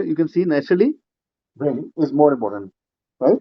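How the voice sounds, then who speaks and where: A man teaches a speaking-exam class in a classroom lecture, explaining things step by step at a normal speed. His voice is on the high side and sing-song, full of "uh" fillers and frequent "right?" checks. The recording is slightly dull and lo-fi.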